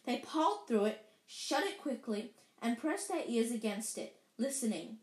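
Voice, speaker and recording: A woman reads a children's novel aloud at an unhurried pace. She stumbles, restarts phrases and corrects herself as she goes. Her voice sits a little high, and the room gives it a roomy echo. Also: sing-song, darkish tone. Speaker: reader. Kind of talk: casual book read-aloud. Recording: echoey room.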